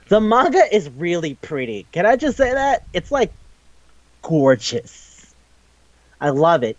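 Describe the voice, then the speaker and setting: A man co-hosting a podcast rambles through a story in casual chat, saying "like" constantly, swearing freely and acting out the quoted lines. His voice sits on the high side, and the audio is dull with no room sound.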